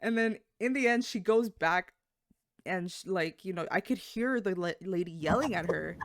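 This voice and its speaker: A young adult woman, a podcast co-host, casually telling work stories in an animated way, swearing and acting out the voices of people she quotes. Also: fairly low pitch, moderate pace, noisy background. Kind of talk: casual storytelling chat.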